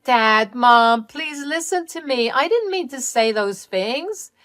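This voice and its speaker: Woman doing a whiny frantic little sister, high pitched and loud, dry close sound. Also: animated, takes it slowly, no room sound, exaggerated voice. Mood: pleading. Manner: pleading, shrill and loud.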